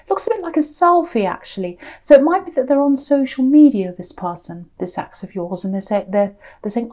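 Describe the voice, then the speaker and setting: Mellow woman thinking aloud. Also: sits high, expressive, a little fast, hardly any pauses. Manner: musing, thinks aloud with frequent restarts. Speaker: tarot reader. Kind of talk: casual tarot reading to camera.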